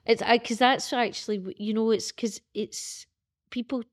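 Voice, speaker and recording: A woman co-hosting a casual faith chat, halting and searching for her words as she talks. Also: a little high, fairly even intonation. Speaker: co-host.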